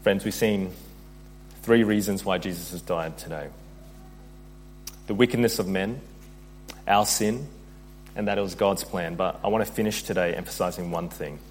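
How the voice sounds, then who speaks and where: A man's voice: low-pitched, moderate pace, long pauses, a little hiss or hum. A man preaching a sermon as pastor, earnest, reading scripture aloud and building in intensity.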